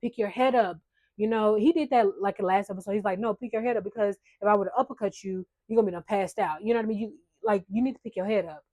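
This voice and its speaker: A woman's voice: mid-range voice, fast, few pauses, darkish tone, dry recording. A woman giving a casual reality-show recap, chatty, blunt and sarcastic, swearing freely. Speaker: recap vlogger.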